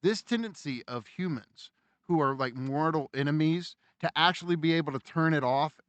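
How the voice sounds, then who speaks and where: A man co-hosting a podcast with a fairly high voice, recorded dry and close. He talks in a loose, profane way, theorizing at length and throwing himself into the quoted lines he acts out. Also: normal speed, no room sound. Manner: animated storyteller, acts out quoted lines in shouts. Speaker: podcast co-host. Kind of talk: casual conversation.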